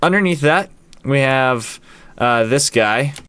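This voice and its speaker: A man's voice: medium pitch, lively intonation, slow, music in the background. A man who is a band's producer and guitarist, casually walking through how a song was made and counting out its beats aloud. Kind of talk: casual walkthrough of a song's production.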